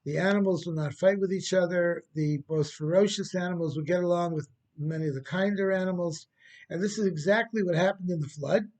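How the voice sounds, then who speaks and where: Brief: rabbi narrating a parable, gentle and unhurried, notably high voice. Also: male voice. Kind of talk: storytelling sermon.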